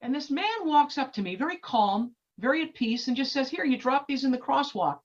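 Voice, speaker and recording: Middle-aged woman guest retelling events with animated, stumbling drive; fairly high voice, muffled recording. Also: brisk. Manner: animated, many repeated restarts. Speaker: activist guest. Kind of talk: storytelling interview. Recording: dull lo-fi recording.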